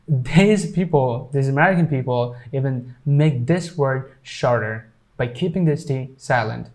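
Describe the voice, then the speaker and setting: A man teaching pronunciation, explaining in short halting phrases and repeating each example word several times. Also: medium pitch, a little mellow. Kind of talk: pronunciation lesson.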